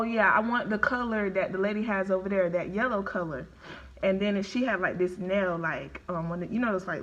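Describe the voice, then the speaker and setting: A woman's voice: mid-range voice, highs cut off. A woman vlogger telling a story to her viewers in casual, chatty talk, during a live-streamed eating video. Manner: chatty, animated, talks to viewers as y'all. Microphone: phone or webcam on live stream.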